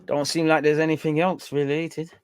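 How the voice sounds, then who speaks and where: A man's voice: a little high, level tone, normal speed, slight background noise. A man hosting a fan live stream, chatting casually in slang and reading out viewer comments. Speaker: fan channel host.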